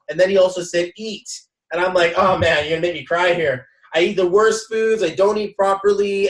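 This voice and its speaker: A man casually recounting his sessions, acting out other people's lines with many restarts. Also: on the high side. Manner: animated, quotes others in dialogue, frequent restarts. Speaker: host. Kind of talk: casual storytelling. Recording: echoey room, mic at a distance.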